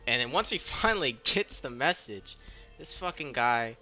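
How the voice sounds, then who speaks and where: A man's voice: medium pitch, moderate pace. Man, casual film recap, swears constantly, rambling, cheap mic, faint music behind. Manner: profane, excitable, rambling. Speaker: film review vlogger. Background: background noise and faint music.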